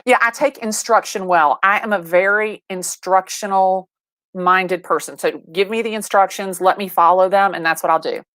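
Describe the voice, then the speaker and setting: A middle-aged woman from Atlanta, a real estate agent telling animated stories about her career in a casual interview. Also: medium pitch, moderate pace, dry recording. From Atlanta, Georgia. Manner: bubbly, animated storyteller acting out dialogue. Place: video call from her home or office.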